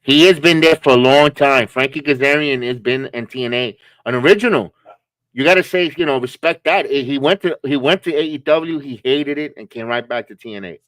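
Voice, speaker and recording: The recording is dry, capturing a man's medium-pitched, slightly bright voice moving a little fast. He's co-hosting a live watch-along stream, keeping things chatty and joking and laughing as he reacts to the matches.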